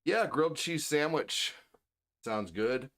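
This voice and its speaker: A man's voice: a little high, animated, slow, fairly bright tone. A middle-aged man hosting a live stream, chatting casually in an easygoing, rambling way with lots of fillers. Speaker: streamer host.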